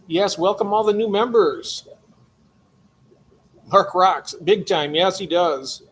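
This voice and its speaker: An older man hosts a late-night livestream from his aquarium room. His voice sits a touch high, and he chats in a friendly way, greeting viewers by name. A faint hum of room noise runs under the talk. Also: slow. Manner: chatty, greets chat members warmly by name. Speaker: livestream host.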